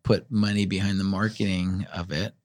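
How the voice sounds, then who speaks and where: A man's voice: low-pitched, flat delivery, moderate pace, darkish tone. A man hosting an interview, asking questions and affirming his guest often. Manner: affirming, frequent backchannels. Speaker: interview host. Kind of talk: casual interview chat.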